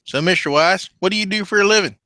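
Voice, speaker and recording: A chatty rural American man speaks in a quick, bright, plain-spoken drawl, as a player puts him on. His voice is close and dry, with no room sound around it. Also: high voice, dry recording. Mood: teasing. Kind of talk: tabletop role-play voice.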